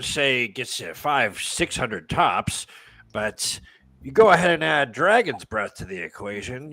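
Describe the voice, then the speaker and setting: A man's voice: a little high, vocal fry, bright, forceful tone, slightly rough, dry recording. A man playing a tabletop game in character, wry and easygoing with a joking manner. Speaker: player. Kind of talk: in-character tabletop role-play.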